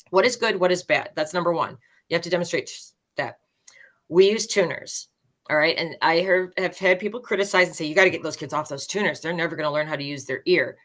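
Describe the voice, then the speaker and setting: A woman in her fifties, a band director, explaining her teaching methods in an energetic, emphatic way as a podcast guest. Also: fairly low pitch. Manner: energetic, emphatic, acts out student voices.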